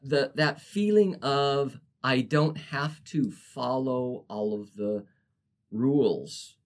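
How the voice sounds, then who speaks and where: Brief: male co-host, very unhurried, stumbles and repeats himself, reads verse aloud. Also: mid-range voice. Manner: halting, repeats words, slow and deliberate. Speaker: podcast co-host. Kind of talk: casual chat and poetry reading.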